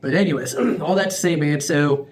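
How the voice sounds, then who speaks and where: A man's voice: on the high side, normal speed. A man co-hosting a podcast, telling a story in casual chat, acting out quoted voices with frequent restarts and laughs. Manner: laughs often while telling stories. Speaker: podcast co-host.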